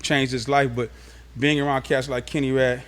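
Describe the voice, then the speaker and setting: Man from los angeles, interview guest, casual streetwise storytelling, mid-pitched voice. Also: level tone, moderate pace, a bit bright.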